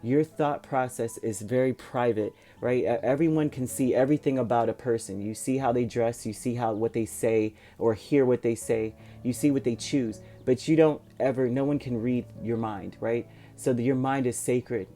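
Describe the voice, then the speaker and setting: A man's voice: medium pitch, warm tone. A man giving a rambling, reassuring tarot reading to his viewers, with many ums and restarts. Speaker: tarot reader. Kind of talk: casual spoken tarot reading.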